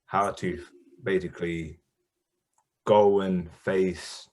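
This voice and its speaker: A podcast host with a very low male voice. He asks long, winding questions and keeps the conversation loose and casual. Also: steady tone, takes it slowly, darkish tone.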